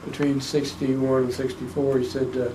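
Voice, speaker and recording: A man's voice: mid-range voice, normal speed. An older man, an interviewee telling rambling family stories for an oral history, with many restarts. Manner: rambling, animated storyteller with frequent restarts. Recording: distant mic with faint background noise.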